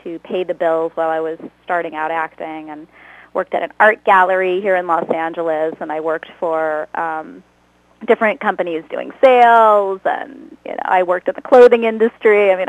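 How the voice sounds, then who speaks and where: A woman's voice: on the low side, no room sound, low-quality recording. A woman guest, a comedy actor, chatting casually in an interview, laughing often and talking about herself with self-deprecating humor. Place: Los Angeles.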